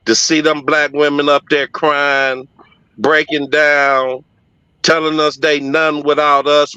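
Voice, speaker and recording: Middle-aged man, forceful bright tone, emphatic and heartfelt storyteller, dry dull lo-fi recording. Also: fairly high pitch, flat delivery, slow, smooth, no echo. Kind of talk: personal storytelling.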